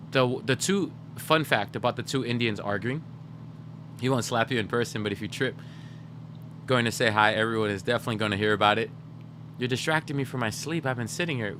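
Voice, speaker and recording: A young man hosts a game livestream and rambles easily to his chat. His voice sits at a middle pitch with a bright, forward tone. He jokes around as he talks. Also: slight background noise. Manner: joking, rambling, talking to chat. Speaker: game streamer.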